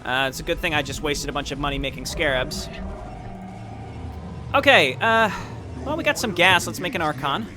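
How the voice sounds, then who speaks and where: A man's voice: fairly high pitch, animated, moderate pace, pauses often. Chatty gamer man rambling over game music. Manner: rambling, self-deprecating storytelling with frequent restarts. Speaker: gaming YouTuber. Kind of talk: casual let's-play commentary. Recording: game music playing underneath.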